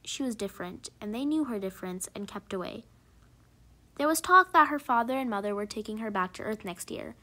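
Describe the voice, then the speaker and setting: A woman narrating a short story aloud in a measured, expressive reading. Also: medium pitch.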